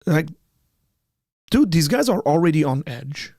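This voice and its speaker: Male host, gravelly mid-range voice, dry close sound; conversational and emphatic, pitch rising sharply when worked up. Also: sing-song, measured pace, darkish tone, no room sound. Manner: acts out both sides of remembered dialogue. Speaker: host of a call-in apologetics panel. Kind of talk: live call-in discussion, personal anecdote.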